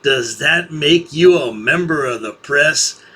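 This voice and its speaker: Sarcastic male commentary host, slow and mocking, bright husky tone. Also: on the high side. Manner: sarcastic, taunting.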